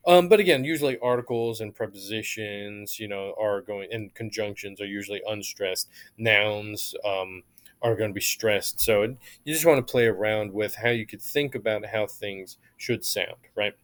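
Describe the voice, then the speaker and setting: A man at a mid pitch gives a relaxed, conversational lecture. He checks in with his listeners after nearly every point and slows down to sound out stressed syllables as he explains them. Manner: conversational, keeps asking "right?"; stresses syllables aloud to demonstrate. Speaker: teacher. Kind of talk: recorded lecture.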